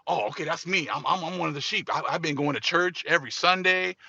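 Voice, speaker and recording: A man's voice: fairly high pitch, fast, vocal fry, pushed and bright, husky, dry recording, muffled recording, full character voice. A man voicing a proud, self-satisfied male churchgoer who sputters and boasts. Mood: boastful.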